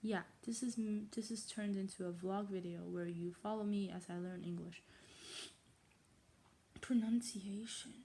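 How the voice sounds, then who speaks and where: Female vlogger, mellow tone, doing a playful mock English accent while reading, halting and self-questioning. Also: medium pitch, fairly even intonation, slight background noise. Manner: stumbles over old words, stops to question pronunciation. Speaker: vlogger reading a novel aloud. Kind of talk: casual read-aloud with asides.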